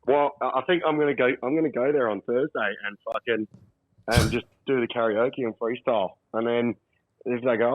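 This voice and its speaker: A man's voice: mid-range voice, fairly even intonation, fairly quick, no echo. Laid-back Australian man on a lo-fi call. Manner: laid-back, swears often. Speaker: podcast co-host calling in. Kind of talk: casual podcast chat. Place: holiday spot abroad, calling in. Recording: dull lo-fi call line.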